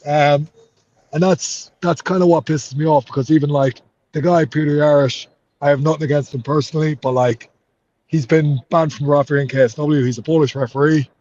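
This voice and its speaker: A man's voice: on the high side, steady tone, a little fast, darkish tone, highs cut off. A man with an Irish accent, a fighter in an interview, talking heatedly and swearing a lot. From Ireland. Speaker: MMA fighter.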